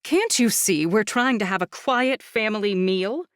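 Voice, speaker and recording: Brief: a woman doing a sharp-tongued, bold young woman, blunt and growly, audiobook, dry sound. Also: mid-range voice, animated, measured pace, clear, resonant tone, no echo.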